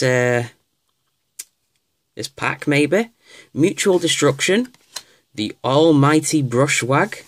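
A man casually opening card packs on camera, reading out card names with excited exclamations. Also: medium pitch. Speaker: card pack opener. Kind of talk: casual unboxing commentary.

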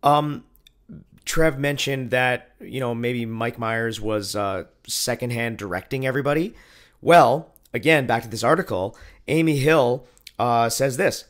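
Chill podcast dude talking movies, mid voice, stumbles and restarts a lot. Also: male voice, medium pitch, a little slow, fairly bright tone. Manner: easygoing, chuckling, hesitant restarts. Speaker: podcast co-host. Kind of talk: casual film-review chat.

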